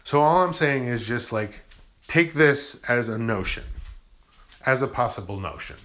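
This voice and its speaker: A man's voice: medium pitch, animated, unhurried, fairly bright tone. A man in a casual, rambling spiritual monologue, acting out imagined objections and answering them with "you know" and "I'm like".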